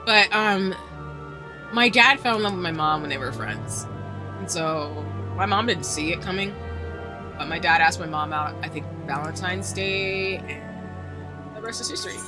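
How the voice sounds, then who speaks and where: A woman's voice: lowish voice, measured pace, over music. A woman streamer chatting casually while gaming, telling a rambling story and laughing often, on a desk microphone.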